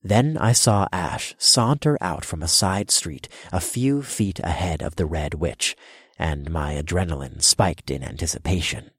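Deep husky male audiobook narrator. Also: a little slow, fairly bright tone, no room sound, studio quality. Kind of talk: scripted first-person narration.

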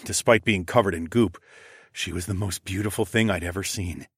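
A man narrating a fantasy novel in the first person, in a measured, steady storytelling manner. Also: low-pitched, breathy edge, dry recording, studio quality. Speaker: audiobook narrator.

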